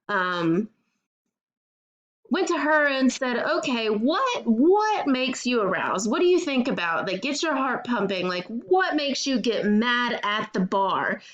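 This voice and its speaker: A woman's voice: fairly high pitch, rough recording. A woman student giving a recorded class presentation, telling a story casually with filler words.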